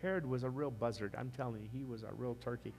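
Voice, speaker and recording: A man preaching a sermon as pastor, rising to fervent peaks and dropping to a quiet appeal. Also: mid-range voice, fast talker, gravelly, soft background music. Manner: impassioned preaching that rises and falls, then softens into a quiet altar call. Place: church sanctuary.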